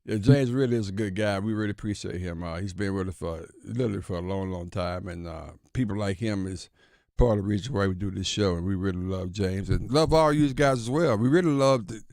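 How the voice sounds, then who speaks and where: A man hosting a sports talk show, chatting in a relaxed, affirming way. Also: on the low side, brisk, no room sound, studio quality. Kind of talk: casual sports radio talk.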